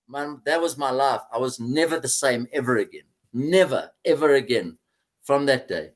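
Animated man telling a story. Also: mid-range voice, normal speed. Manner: animated, swears, says "mate" often. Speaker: guest. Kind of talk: casual storytelling interview.

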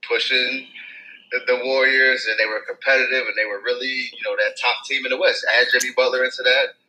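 A man hosting a sports podcast, speaking softly and hesitantly with many restarts. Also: medium pitch, steady tone, brisk, slight background noise, low-quality recording. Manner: hesitant, stammering, soft-spoken. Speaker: podcast host. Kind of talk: casual sports podcast chat.

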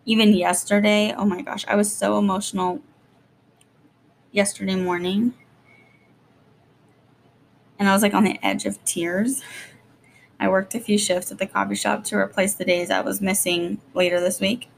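A young woman and mother chatting casually to her vlog, rambling quickly with lots of "like", jittery and short on sleep. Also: mid-range voice, level tone, creaky, slight background noise. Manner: rapid rambling, lots of "like", nervous. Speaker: vlogger, young mom.

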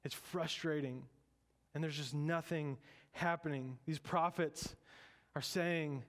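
Guy preaching a sermon, kinda high voice, chatty and joking. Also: slow. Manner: lively, conversational, joking asides. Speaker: pastor.

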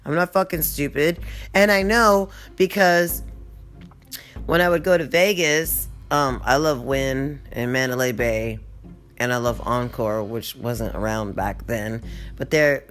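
A woman's voice: rumbling low, measured pace, fairly bright tone, soft background music. A woman vlogger telling a rambling, profane story, constantly drifting off topic. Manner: rambling, profane, easily sidetracked. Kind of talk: casual rant storytelling.

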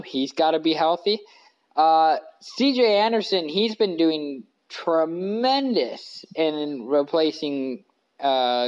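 A rambling man with a slightly high voice hosts a lo-fi sports podcast from his living room couch, talking casually, correcting himself often and using many fillers.

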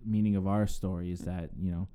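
A man's voice: deep voice, flat delivery, fairly quick, dark tone, smooth. A man co-hosting a podcast in casual chat, laid-back and often restarting his sentences while building on the story. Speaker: podcast co-host.

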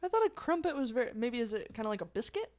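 Female podcast co-host, relaxed and hesitant, casual chat. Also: fairly high pitch, quick pace, dry recording. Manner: hesitant, easygoing, trails off.

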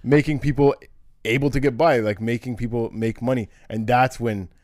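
A man co-hosting a casual podcast chat, walking through history in a relaxed conversational way. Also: medium pitch, normal speed, no echo, studio quality. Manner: explains history conversationally, with restarts and fillers. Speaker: co-host.

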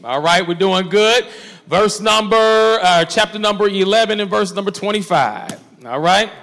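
Bright-voiced pastor in a reverberant hall. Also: male voice, sits high, moderate pace, creaky. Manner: call-and-response preaching, coaxing the class along. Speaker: pastor leading Bible study. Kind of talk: Bible study teaching with scripture reading. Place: church hall.

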